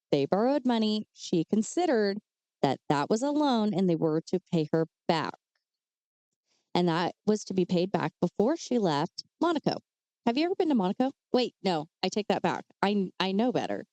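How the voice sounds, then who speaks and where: A woman's voice: fairly low pitch, mellow, dry recording. A woman co-hosting a podcast, telling true crime cases in a casual way with chatty asides. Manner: reads case details with chatty asides and fillers. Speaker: podcast co-host.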